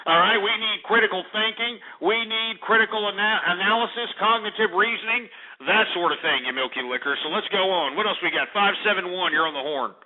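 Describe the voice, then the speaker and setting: A man from Texas hosting a call-in radio show, abrasive and insulting toward callers. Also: high voice. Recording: tinny phone-quality radio recording.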